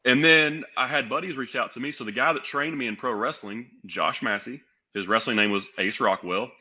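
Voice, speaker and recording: Bright-voiced man telling a story. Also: medium pitch, moderate pace, highs cut off. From Tennessee, US. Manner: animated, acts out quoted dialogue. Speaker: guest, pro wrestler and sales executive. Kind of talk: storytelling in a podcast interview.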